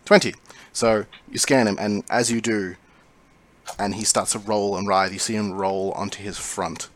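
Low-voiced man narrating as game master. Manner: calm, measured scene narration.

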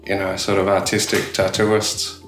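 A man's voice: low voice, monotone, moderate pace, a bit bright, soft background music. A middle-aged Australian man, a tattoo artist, chatting casually in an interview and rambling with lots of fillers and restarts. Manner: rambling, many "you know" fillers and restarts. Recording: echoey room.

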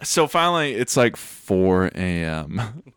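A young man telling a wild story in casual chat, animated and profane, often laughing. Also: lowish voice, slow, smooth, no echo.

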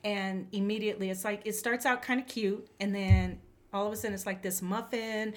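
Older woman, podcast co-host, chatty storytelling, mid-pitched voice. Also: a little fast. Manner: animated, acts out quoted dialogue. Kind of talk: casual storytelling chat.

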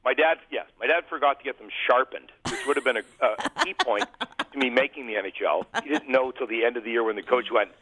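A man's voice: medium pitch, animated, fast, bright, forceful tone, dry recording. A man, a former hockey goalie, telling humorous, self-deprecating stories as a guest in a casual interview. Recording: tinny phone-like line.

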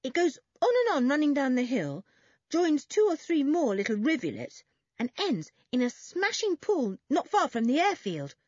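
A woman's voice: high voice, normal speed, dry recording, highs cut off, voice pushed up. A woman doing a cheeky, boastful boy. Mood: eager. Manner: lively, bragging.

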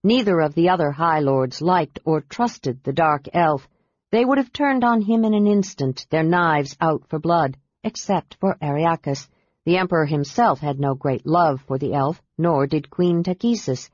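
A reader narrating a fantasy novel in a steady, even storytelling voice. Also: mid-range voice, moderate pace, dry recording. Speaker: audiobook narrator. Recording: dull, dry audiobook sound.

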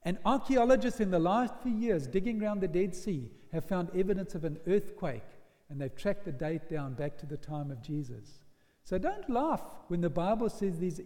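Dramatic preacher with a high, lively voice. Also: male voice. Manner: swings between hushed lines and loud shouted quotes. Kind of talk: dramatic storytelling sermon. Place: church hall. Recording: long reverb of a church hall.

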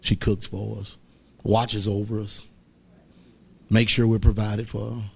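A man preaching a sermon as pastor, rising to loud exhortation and dropping to soft asides. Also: on the low side, little pitch movement, takes it slowly, creaky, breathy edge. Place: church.

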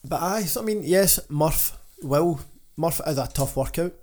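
Animated Scottish man telling gym stories. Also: on the high side, a little slow. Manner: animated, laughs through his stories. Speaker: podcast co-host, gym owner. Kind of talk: casual chat, storytelling.

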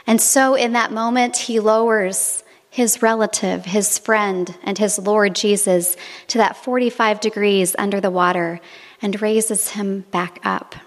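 A woman's voice: mid-range voice, fairly even intonation, unhurried, in a large hall. A woman preacher delivering a sermon, telling stories in a reflective way. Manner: reflective storytelling. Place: monastery.

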